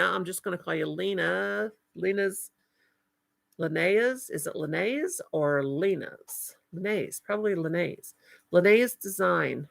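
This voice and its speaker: Older lady rambling on her live, sweet and chatty, gravelly voice that cackles when she laughs. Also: lowish voice, fairly bright tone. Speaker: live stream host. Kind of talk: casual live chat with viewers.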